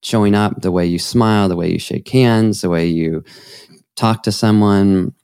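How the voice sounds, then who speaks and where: A man with a fairly low voice talks on a podcast, rambling through his thoughts with bursts of enthusiasm. The sound is dry and close, with no room around it. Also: moderate pace, clean tone, no echo. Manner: enthusiastic, rambling, animated storytelling. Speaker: podcast guest, photographer. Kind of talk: conversational interview.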